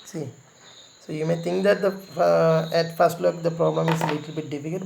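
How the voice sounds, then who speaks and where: Gravelly-voiced man teaching a math lesson. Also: on the high side, darkish tone, a little hiss or hum. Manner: patient, repetitive step-by-step explaining, pleading emphasis. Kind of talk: recorded trigonometry lesson.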